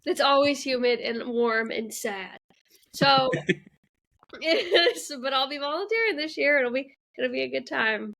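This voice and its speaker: A woman's voice: sits high, animated, unhurried, gravelly, a bit bright. A woman with a Texas accent co-hosting a podcast in casual chat, wry and drawling. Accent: Southern US, Texas.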